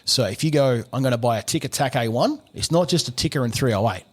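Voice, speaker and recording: Australian gunsmith guest, middle-aged man, rambling casual explainer who acts out dialogue, mid-pitched voice. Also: animated, fast. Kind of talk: casual podcast chat.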